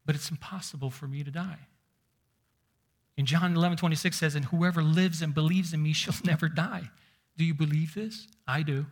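A man preaching a sermon, emphatic, slowing down and dropping to a near whisper to stress points. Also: on the high side, fairly even intonation, slightly rough.

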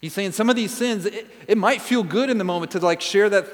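A man's voice: sits high, brisk, in a large hall, rough recording. A man preaching a sermon as a pastor, earnest and conversational, asking the listeners one question after another.

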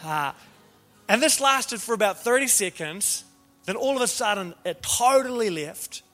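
A man preaching a sermon as he tells a story, animated and often repeating words at the start of phrases. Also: sits high, a little slow. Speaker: pastor. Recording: reverberant hall with faint music.

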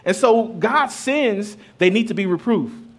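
Speaking a little slowly, a thirtysomething male pastor delivers a conversational sermon in a high-pitched, lively voice. He mixes Bible passages with personal stories about his kids, his loudness climbing and dipping as he goes.

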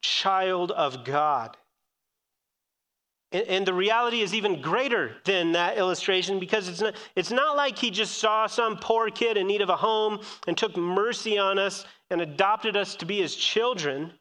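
A man's voice: high-pitched, moderate pace, hardly any pauses, bright, forceful tone, in a large hall. A man preaching a sermon in an earnest, emphatic way, repeating key phrases. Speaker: pastor.

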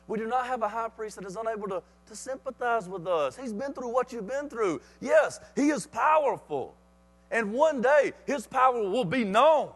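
A man's voice: very high voice, expressive, normal speed, husky. A man preaching a sermon with emphatic repetition and rhetorical questions.

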